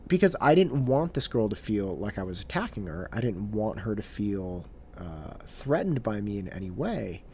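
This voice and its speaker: A man's voice: on the low side, sing-song, normal speed, few pauses, a little mellow, a little hiss or hum. A man who works as a tutor, telling a story in an earnest monologue and often repeating his words as he goes.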